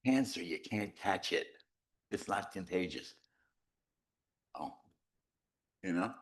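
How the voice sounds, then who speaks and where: Lively low-voiced priest telling stories. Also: male voice, slow. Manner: animated, rambling, self-deprecating humor. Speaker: priest giving a retreat talk. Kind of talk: conversational retreat conference, storytelling.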